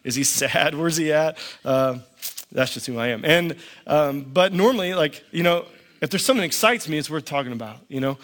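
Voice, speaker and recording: A man's voice: on the high side, animated, brisk, a bit bright. A middle-aged man, a pastor, preaching a sermon with dry, understated humor and storytelling. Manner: dry storytelling with quoted back-and-forth.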